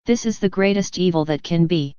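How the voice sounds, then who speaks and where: A woman reading the words of Jesus, a gentle and earnest divine man, in a solemn, measured devotional book reading. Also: fairly low pitch, clear, resonant tone, dry recording, muffled recording, natural voice. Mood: tender, solemn.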